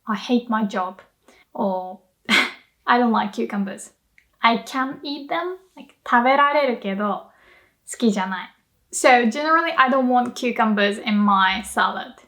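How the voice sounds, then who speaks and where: Young woman, fairly high voice, upbeat language teacher; laughs easily, breaks into acted example lines. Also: expressive, moderate pace, sharp tone. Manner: playful, laughs often while explaining. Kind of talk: casual video lesson.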